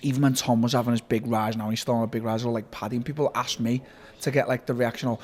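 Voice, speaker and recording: Telling rapid, animated stories full of swearing and restarts, a male fighter speaks as a guest in a casual sit-down interview. His pitch is medium.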